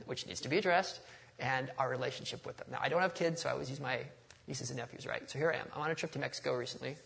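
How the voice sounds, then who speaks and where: Gravelly-voiced man preaching a sermon. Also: mid-range voice, a bit bright. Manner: conversational, storytelling with humor; reads a passage aloud.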